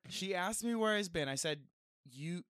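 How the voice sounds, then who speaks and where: A man's voice: high voice, lively intonation, moderate pace, a bit bright, clear, resonant tone, no echo, clean studio sound. A young man co-hosting a casual comedy podcast, laughing often and teasing his friends. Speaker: podcast co-host. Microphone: close studio mic.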